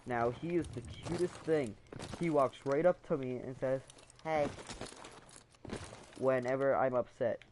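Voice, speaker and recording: A man's voice: mid-range voice, steady tone, normal speed, darkish tone, a little hiss or hum. A man vlogging, telling a personal family story in a rambling, emotional way, with fillers and acted-out quotes. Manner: acts out quoted voices. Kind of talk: casual storytime.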